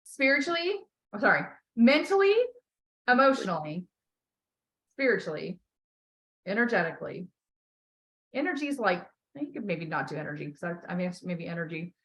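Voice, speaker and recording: A woman's voice: on the low side, very animated, moderate pace, long pauses, a bit bright, rough recording. A woman coaching a client on a call, talking bluntly, swearing freely and encouraging her. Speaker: life coach.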